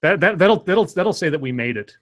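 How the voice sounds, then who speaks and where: A man co-hosting a casual livestream, reading viewer donations aloud with plenty of stammering and restarts. His voice sits a little high for a man. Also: animated, a bit bright. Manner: stammering, quick to laugh.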